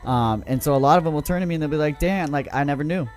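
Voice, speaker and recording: A man's voice: fairly high pitch, racing, soft background music. A trans man speaking earnestly in a casual chat, explaining his experience.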